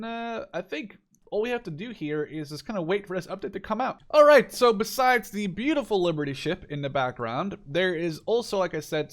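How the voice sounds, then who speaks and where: A young man with a fairly high voice talks his way through a video game walkthrough, chatty and enthusiastic. He is not a native English speaker, and his commentary is loose and full of fillers and little self-corrections. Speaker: gameplay video creator.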